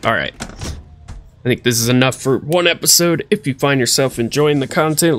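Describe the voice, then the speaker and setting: A man's voice: mid-range voice, normal speed, a bit bright, a little hiss or hum. A man giving casual running commentary over his own survival game, chatting to himself and making playful sound effects. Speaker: let's play gaming host.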